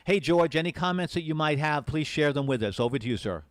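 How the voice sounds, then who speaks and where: Speaking fast and expressively in a fairly high voice, a man hosts an amateur radio special event station that's being live-streamed. He uses a desk mic with push to talk, and his earnest, rambling talk is full of repeated words. No room sound is heard.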